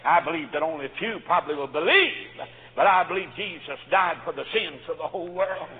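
A man preaching a sermon, fervent and swinging between quiet storytelling and shouts. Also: on the high side, expressive, fairly quick, husky. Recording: phone-like audio with long hall reverb.

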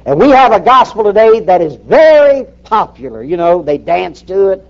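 Firing rhetorical questions at his congregation, a man delivers a fiery, emphatic, folksy sermon. His high-pitched voice is very animated and moves at normal speed, captured on a dull lo-fi recording.

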